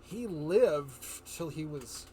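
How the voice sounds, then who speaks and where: A man's voice: on the high side, animated, takes it slowly, warm tone, a little hiss or hum. A man streaming live, telling a rambling story in casual chat, often chuckling and restarting his sentences.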